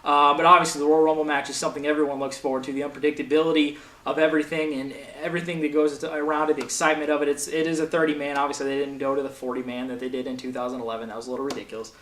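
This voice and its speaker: A man's voice: on the high side, flat delivery, racing, hardly any pauses, pushed and bright. A young man hosting a wrestling show, ranting with passion and heavy swearing in casual commentary. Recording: echoey room, faint noise.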